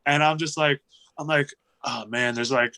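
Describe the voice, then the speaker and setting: A man in his thirties, a wrestler casually telling an animated story in an interview and acting out the quotes. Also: mid-range voice, moderate pace, low-quality recording. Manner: animated storyteller, acts out quotes, laughs often.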